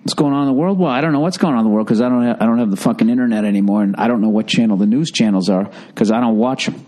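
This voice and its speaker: A man's voice: medium pitch, rapid-fire, mellow. Grumbling man ranting at home. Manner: grumbling, profane rants. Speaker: podcast host. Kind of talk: casual podcast banter.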